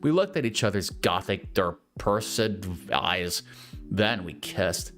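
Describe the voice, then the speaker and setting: A man's voice: slow pace, faint music behind. Man mock-reading terrible fanfiction. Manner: mocking deadpan reading with sarcastic asides; swears and jumps into shrill high voices for quotes. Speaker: fanfiction reader. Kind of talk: comedic dramatic reading.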